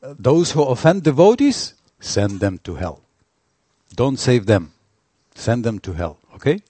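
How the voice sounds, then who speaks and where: A man acting out a fervent elder saint, speaking loudly and emphatically. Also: mid-range voice, big pitch swings, measured pace, slightly rough, dry recording. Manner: loud, emphatic pleading.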